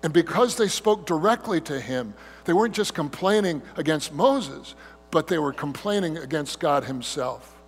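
A man with a high voice preaches a sermon, telling the story with animated delivery and slipping into whiny grumbling voices. His words ring out with a long hall reverb, over a low mains hum. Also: moderate pace, slightly rough. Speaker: pastor.

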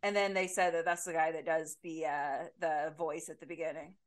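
A woman's voice: low-pitched, level tone, normal speed. Teasing female podcast co-host. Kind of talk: casual chat.

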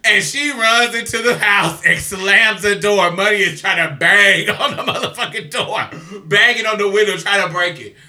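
A young man telling a story in casual chat, animated and profane, with loud exclamations. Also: high voice, moderate pace, hardly any pauses.

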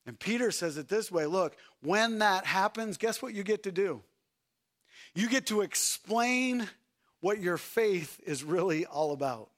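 A male pastor with a high-pitched voice preaches a sermon. He swings from loud, shouted passages down to soft, hushed lines and keeps asking the congregation questions. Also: lively intonation, a little slow. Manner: swings between shouting and soft, quiet delivery; asks the congregation rhetorical questions.

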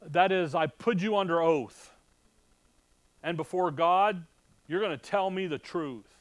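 Chatty preacher with a slightly high voice. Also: male voice, a little slow, dry recording. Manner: chatty, asks rhetorical questions, wry asides. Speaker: Bible teacher. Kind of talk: conversational sermon. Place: room with a live audience.

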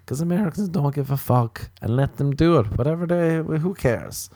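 A young man with an Irish accent telling rambling comic stories, often jumping into squealing high voices. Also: expressive, moderate pace, dark tone, no echo. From Ireland. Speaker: comedian. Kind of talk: comic storytelling monologue.

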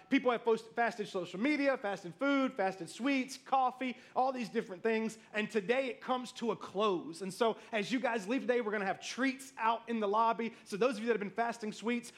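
A man in his thirties preaching a sermon as pastor, telling stories and calling out to the congregation. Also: very high-pitched. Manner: storytelling, animated, calls out to the congregation.

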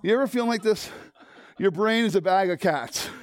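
With a voice that sits high and a normal speed, a middle-aged man preaches as pastor, and there's no room sound. His sermon feels conversational and lively, ranging from loud emphasis to near-whispers as he asks the congregation questions.

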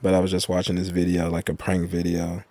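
A man in casual podcast chat, laid-back and wry, often hesitating as he builds his point. His voice is low. The recording is dry and close to the mic. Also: monotone, quick pace, dark tone, dry recording. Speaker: podcast co-host.

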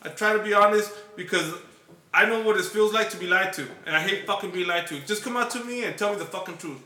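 A man's voice: sits high, quick pace, sharp tone, roomy sound, distant mic. A man hosting a podcast and telling a long story in casual, profane chat. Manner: profane, laid-back storyteller. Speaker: podcast host.

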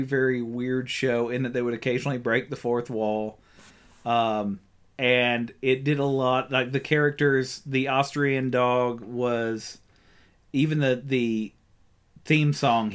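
A man's voice: mid-range voice, smooth. A man co-hosting a casual podcast, recapping an old cartoon with lots of ums and restarts. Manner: rambling, many ums and restarts, laughs often. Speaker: podcast co-host.

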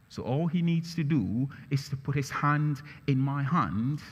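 A man's voice: animated, a little slow, few pauses, breathy edge. A man preaching a sermon as pastor, emphatic and repeating phrases, his voice climbing on key lines. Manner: emphatic, rises in pitch and volume on key phrases. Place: large church hall. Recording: church hall reverb.

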